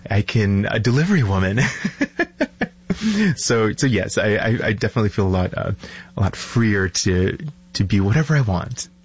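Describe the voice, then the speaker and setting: Brief: low, husky man, chatty and giggly, storytelling drag performer. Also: normal speed. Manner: chatty, laughs often, many fillers. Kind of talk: casual interview talk.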